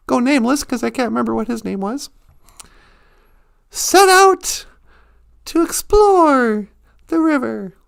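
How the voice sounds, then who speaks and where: A woman telling a humorous story on a live stream, animated and joking, laughing along the way. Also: sits high, gravelly.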